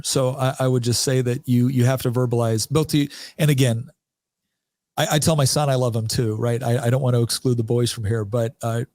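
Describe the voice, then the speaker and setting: A man's voice: mid-range voice, darkish tone, dry recording. A man in his forties, a podcast guest, telling a heartfelt story in an earnest, emphatic way and repeating words when he is moved.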